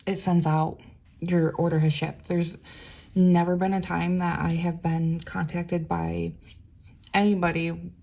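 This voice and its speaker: Gravelly low-pitched woman ranting casually. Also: level tone, measured pace, mellow. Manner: exasperated ranting, mimics other people. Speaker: planner vlogger. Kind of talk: casual storytelling vlog.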